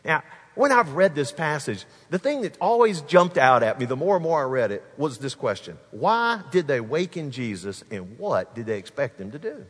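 Male pastor delivering an animated sermon, husky tone, big reverberant hall. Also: fairly high pitch, normal speed. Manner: animated preaching, addresses the congregation directly.

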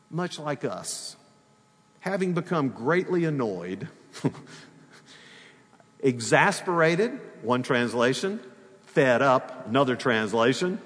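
A man preaching a sermon as pastor, telling the story in an animated way with humor and asides. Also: mid-range voice, slow, long pauses, in a large hall.

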